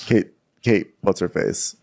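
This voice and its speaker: A man's voice: slow, a little mellow. A man co-hosting a podcast, recapping a reality show in a joking, rambling way and laughing often. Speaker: podcast co-host. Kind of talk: casual comedic recap chat.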